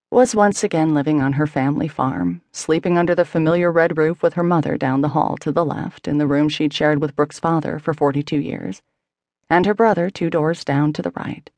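Woman narrating a novel, slight vocal fry. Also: sits low, darkish tone, no room sound. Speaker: audiobook narrator. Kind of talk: scripted narration.

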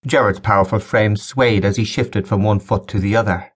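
Male audiobook narrator, low voice, measured dramatic storytelling. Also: fairly even intonation, slightly rough. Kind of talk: scripted narration.

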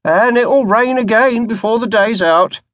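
A man's voice: very high voice, measured pace, a bit bright, no echo, pitched above the performer's own voice. A man voicing a timid, plaintive old male butler who fusses over his master. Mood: fussing. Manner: plaintive, fussing.

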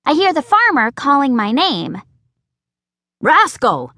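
A woman narrating a children's book in a lively, expressive way. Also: fairly high pitch, unhurried, no echo, studio quality. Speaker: audiobook narrator.

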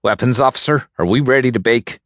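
A man voicing a calm, commanding woman starship captain in an audiobook, giving clipped orders. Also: medium pitch, fairly quick, no echo, clean studio sound, pitched above the performer's own voice, close to an everyday voice.

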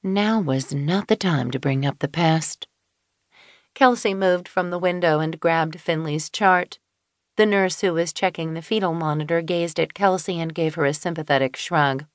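A woman narrating an audiobook in a measured way, with dry inner asides. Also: low voice, dry recording. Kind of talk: scripted narration. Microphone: close studio mic.

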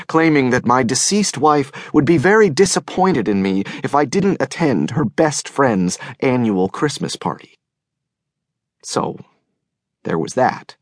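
A man narrating a novel in the first person, with a measured, wry delivery. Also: medium pitch, dry recording, studio quality. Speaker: audiobook narrator. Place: recording studio.

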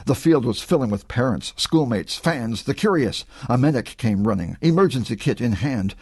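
Expressive man narrating a thriller audiobook. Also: medium pitch, normal speed, breathy edge, no echo. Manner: expressive, voices characters. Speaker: author narrating his own audiobook.

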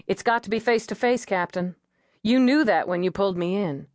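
A woman's voice: medium pitch, normal speed, no room sound, clean studio sound, natural voice. A woman voicing a cool police negotiator. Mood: firm, brisk. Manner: calm, soothing, coaxing.

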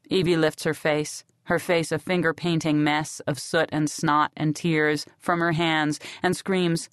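A woman narrating a novel in the first person in a sardonic, deadpan way. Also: deep voice, a little slow, few pauses, dry recording, clean studio sound. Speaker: audiobook narrator.

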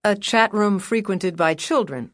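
A woman's voice: mid-range voice, measured pace, dry recording, natural voice. Guarded female witness, read by a woman narrator; short, clipped replies, dry close sound. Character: tense female former TV reporter on the witness stand. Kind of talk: audiobook character voice.

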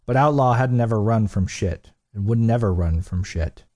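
Guy reading an audiobook, lowish mellow voice, blunt and steady. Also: normal speed. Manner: steady, blunt, profane delivery. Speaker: audiobook narrator. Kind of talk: scripted narration.

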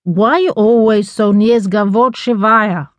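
A woman's voice: medium pitch, takes it slowly, no room sound, lightly acted. A woman voicing a glamorous, scheming Russian mother with a Russian accent who speaks broken English in a commanding way. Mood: coaxing.

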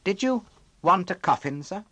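A man's voice: high voice, expressive, moderate pace, sharp tone, pitched above the performer's own voice, full character voice. A man reading an audiobook voices a timid young orphan boy who answers meekly and politely. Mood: polite, innocent. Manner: meek, says sir often. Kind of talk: audiobook character voice.

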